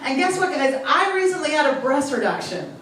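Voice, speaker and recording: A woman's voice: high voice, a little fast. Long Island woman doing stand-up. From Long Island, New York. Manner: deadpan one-liners, chatting with the crowd. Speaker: stand-up comedian. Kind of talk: stand-up set. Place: comedy club. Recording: echoey club from far off, noisy. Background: audience laughter.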